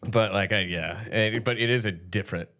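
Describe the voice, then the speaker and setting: Low-voiced man, rambling and swearing. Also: normal speed, pushed and bright. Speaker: podcast co-host. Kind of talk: casual chat.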